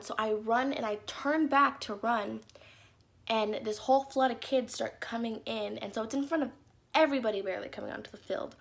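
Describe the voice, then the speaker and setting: A woman's voice: fairly high pitch, creaky. Chatty young woman telling stories. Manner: chatty, lots of "like" fillers, acts out quotes. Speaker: YouTuber. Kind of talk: story time vlog.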